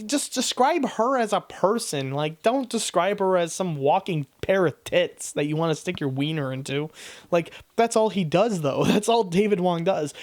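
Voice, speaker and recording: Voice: mid-range voice, a little mellow. Twenty-something doing a book review vlog, blunt, cusses a lot, rambles and restarts mid thought. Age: 20s. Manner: blunt, frank, swears freely. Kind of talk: casual spoken book review.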